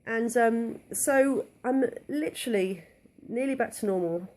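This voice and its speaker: A woman's voice: a little high, a little slow, a little mellow. A young woman talking candidly to camera in a casual vlog, a bit out of breath and stuffy from a cold, with lots of "um" and "like" fillers. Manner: candid, chatty, many "um" and "like" fillers. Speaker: vlogger.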